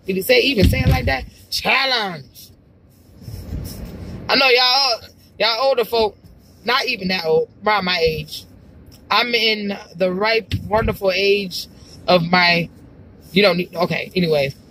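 Behind the wheel, a woman talks casually to her camera, rambling, exclaiming, and sighing as she drives. She speaks at a normal speed in a medium, fairly bright voice, with slight background noise in a rough recording.

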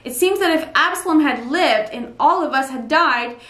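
A woman's voice: high voice, animated, normal speed, pushed and bright. A woman reading as a blunt army general. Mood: stern. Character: commanding army general rebuking a grieving king. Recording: roomy echo, mic at a distance.

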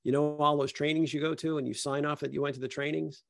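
A man's voice: on the high side, flat delivery, fast talker, gravelly, no echo, studio quality. A middle-aged man, an HR consultant, talking on a panel and acting out both sides of a tough workplace conversation. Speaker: HR consultant and speaker. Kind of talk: panel talk with acted-out workplace dialogue.

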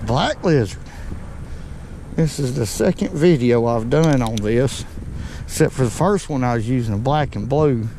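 A man, fishing outdoors from a boat on a lake and talking viewers through it in a folksy, excitable way. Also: medium pitch, unhurried, noisy background. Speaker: fishing vlogger. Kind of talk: casual on-the-water commentary.

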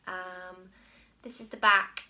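A woman's voice: fairly low pitch, steady tone, takes it slowly, sharp tone. A woman in her late twenties hosting a podcast in casual, rambling chat, laughing at her own slips. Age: late 20s. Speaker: podcast host.

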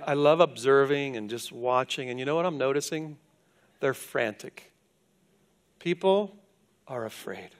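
An older male pastor preaching a sermon, who swings from loud questions to hushed, quiet endings. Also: mid-range voice.

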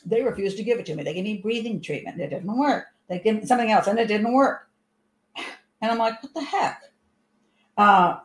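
A woman's voice: on the low side, darkish tone. A woman hosting a show, giving casual commentary and telling a rambling, chatty personal story full of restarts. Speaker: host and commentator. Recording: echoey room.

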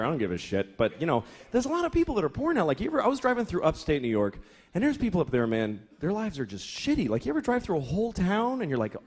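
A man's voice: sits high, slight background noise. A man doing a crude, exasperated stand-up routine on stage and acting out characters along the way. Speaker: stand-up comedian. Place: stage before a live audience. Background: audience laughter.

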